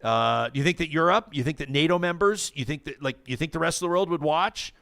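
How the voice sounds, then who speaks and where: A man's voice: a little high, brisk, creaky, fairly bright tone. Man hosting a rambling chat show. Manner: rambling, thinks aloud with many restarts. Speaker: talk show host. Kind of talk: casual political chat, reading viewer comments.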